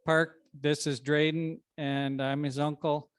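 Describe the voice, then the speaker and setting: A man, a co-author, speaking at a book launch in an informal, conversational way with frequent pauses and restarts. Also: a little high, little pitch movement, smooth, no room sound, studio quality. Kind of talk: informal presentation to an audience. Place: library event room.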